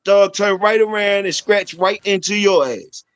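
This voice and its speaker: A man's voice: high-pitched, a little slow, clean tone, dry recording. A middle-aged man hosting a casual stream, teasing viewers with profane, laughing banter. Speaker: channel host. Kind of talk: casual livestream chat.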